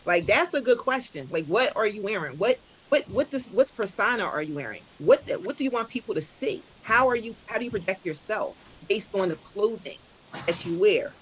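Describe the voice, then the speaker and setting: A woman's voice: medium pitch, animated, normal speed, rough recording. A woman hosting an online event in a chatty, playful way, full of "like" and restarts, over a video call. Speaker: event host.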